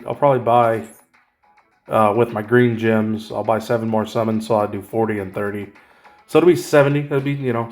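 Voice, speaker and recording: A man casually talking through his mobile game progress, rambling and correcting himself with wry asides. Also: lowish voice. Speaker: gaming channel host. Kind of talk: casual gameplay commentary.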